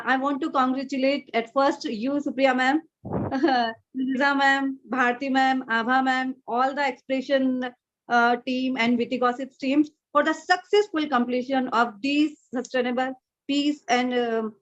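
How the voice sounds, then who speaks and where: A woman student gives an earnest, formal speech of thanks over a video call. Her voice is very high. The sound is dull and muffled. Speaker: student speaker.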